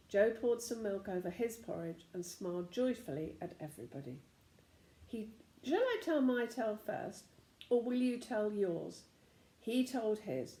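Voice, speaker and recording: A woman narrating a children's storybook aloud with an expressive reading manner. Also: mid-range voice. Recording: roomy echo.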